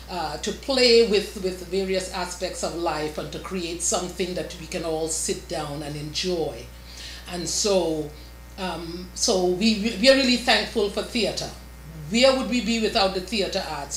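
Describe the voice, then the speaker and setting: A woman hosting a studio interview, talking in a measured way with many pauses and fillers. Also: on the low side, a little hiss or hum. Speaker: talk show host. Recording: echoey studio.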